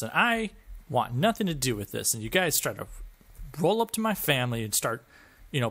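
A man's voice: mid-range voice, sharp tone. A man giving sarcastic, joking let's-play commentary, often laughing and swearing at the game. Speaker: gameplay commentator.

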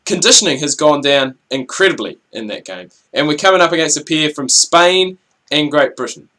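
A young man giving chatty, rambling commentary over his gameplay, with excitable outbursts at the action. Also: fairly high pitch, normal speed. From New Zealand. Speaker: gaming channel host.

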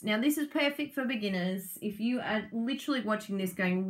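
Gushing excitable woman unboxing crafts. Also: medium pitch, normal speed, hardly any pauses. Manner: gushing, excitable, laughs often. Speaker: craft vlogger and product demonstrator. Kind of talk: casual unboxing chat.

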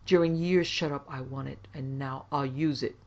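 A man voicing the gruff, roaring ghost of an old male headmaster who mocks his victims with murderous glee. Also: mid-range voice, steady tone, moderate pace, muffled recording, natural voice. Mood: mocking. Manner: mocking, triumphant.

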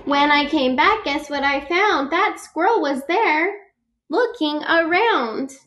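A woman's voice: high voice, lively intonation, slow pace, fairly bright tone. A woman reading a children's picture book aloud, patiently explaining facts and adding personal asides. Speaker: read-aloud reader.

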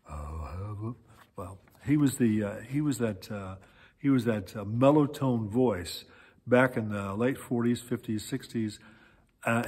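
In a church sanctuary, a male pastor gives a sermon in a husky voice, telling a story with lively swings in pitch. His animated delivery is full of pauses and fillers as he searches for words, and the hall adds a long, echoing reverb.

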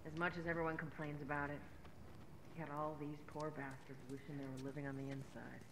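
A woman's voice: sits low, level tone, fairly quick. An actress playing a tough, blunt female smuggler in a video game, curt and world-weary. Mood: dry. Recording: game audio with reverb and background noise.

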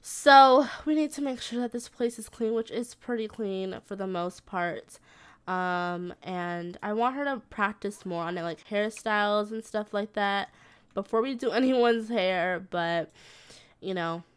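A woman's voice: medium pitch, a little slow, clear, resonant tone. Chatty woman narrating her gameplay. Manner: chatty, slangy, scolds and coos at her game characters like a mom. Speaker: gaming video creator. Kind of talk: casual gameplay commentary.

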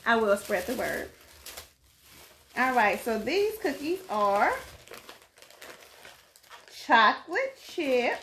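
A woman's voice: a little high, big pitch swings, slow, long pauses, a bit bright. A woman from Chicago chatting playfully to viewers while unboxing and tasting cookies at home. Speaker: food vlogger. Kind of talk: casual unboxing and tasting vlog. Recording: echoey room with faint noise.

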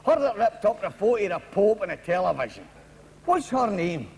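A man's voice: high-pitched, very animated, fairly quick, darkish tone. A man with a Scottish accent voicing a gormless working-class football fan who talks in a rambling, blunt way, in a reverberant, noisy 1990s TV recording. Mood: eager.

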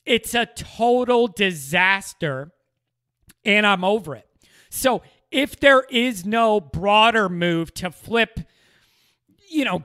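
Fed-up male sports commentator, repeats himself for emphasis, bright and smooth tone. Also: high voice. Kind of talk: opinionated sports rant.

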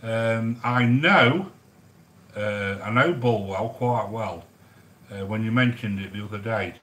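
A man's voice: lowish voice, slow, a bit bright, rough recording. Chatty man cooking curry live. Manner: chatty, matey, calls viewers sweetheart. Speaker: cooking livestream host. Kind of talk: casual chat.

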